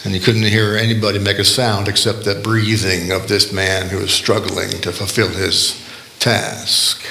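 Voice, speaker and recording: Male storyteller, tense bright tone, reverberant room, slows for emotional beats. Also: lowish voice, flat delivery, vocal fry, slight background noise. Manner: slows and softens at emotional moments, voices characters. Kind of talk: dramatic storytelling.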